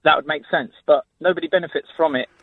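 Earnest caller on a phone line. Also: male voice, fairly high pitch, quick pace, husky, no room sound. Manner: earnest, speculative. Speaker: radio caller. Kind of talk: casual chat.

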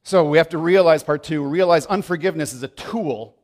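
A man's voice: on the high side, normal speed, hardly any pauses. A man preaching a sermon as pastor, emphatic and repeating phrases for stress.

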